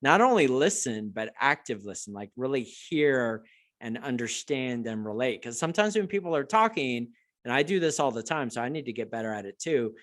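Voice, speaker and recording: A man talks as a guest in a relaxed conversation, his pitch in the middle range. He speaks earnestly and thoughtfully, often restarting his sentences. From United States. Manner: earnest, reflective, with halting restarts. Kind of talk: casual chat.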